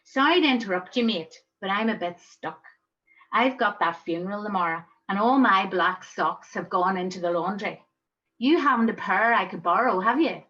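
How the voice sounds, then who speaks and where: A woman's voice: mid-range voice, moderate pace, pushed and bright, muffled recording, lightly acted. A woman voicing a cheeky young man in a wheelchair, with a Belfast accent and a chummy, breezy manner.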